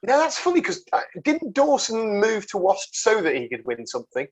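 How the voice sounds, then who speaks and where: A man hosts a podcast with a slightly higher voice than most men. He keeps up a chummy, teasing banter with his guest and likes to rib him about old matches. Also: wildly swooping pitch, moderate pace. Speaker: podcast host. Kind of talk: casual chat.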